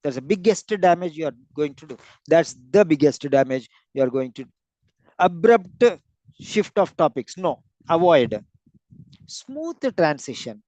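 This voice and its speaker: A man's voice: on the high side, big pitch swings, measured pace, darkish tone, dry recording, poor audio. A man teaching a lesson on word and sentence stress for clinical speaking, stressing and repeating words to show the point. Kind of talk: lecture on clinical speaking skills.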